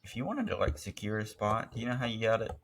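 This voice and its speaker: Bright-voiced man riffing on an old movie. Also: on the low side, big pitch swings, quick pace, gravelly, slight background noise. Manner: jokey, mocking mock-British impressions. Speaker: podcast co-host. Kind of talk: casual movie review chat.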